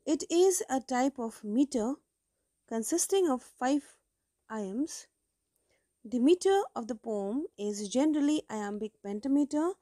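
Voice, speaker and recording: Woman teacher going over poetry for an exam, lots of okays and restarts, kinda high voice. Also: animated, warm tone, dry recording, studio quality. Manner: explains slowly with repeated okays and self-corrections. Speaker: English literature tutor. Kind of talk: exam-prep lecture.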